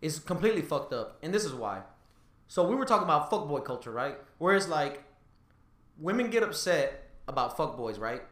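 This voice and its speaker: A man in his thirties in casual podcast chat, talking fast and loose, swearing and tagging lines with "bro" and "right?". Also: on the high side, very animated, a bit bright, reverberant, recorded from a distance. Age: 30s. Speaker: podcast co-host.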